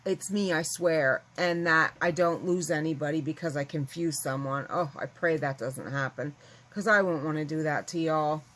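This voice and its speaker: In a rough recording, a woman vlogger chats to her viewers in a rambling, candid way. She speaks at a moderate pace in a low voice with a slightly bright quality.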